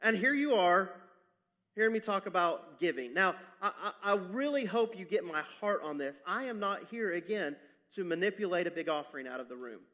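A male pastor preaching a candid sermon to his church, talking haltingly with many restarts and building in intensity. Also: high voice, expressive, pushed and bright. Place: church sanctuary.

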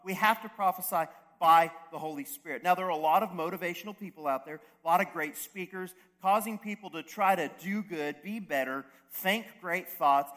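Pastor guy with a high voice, chatty sermon, keeps restarting and checking in w the crowd. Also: fairly bright tone. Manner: conversational preaching with frequent restarts and asides.

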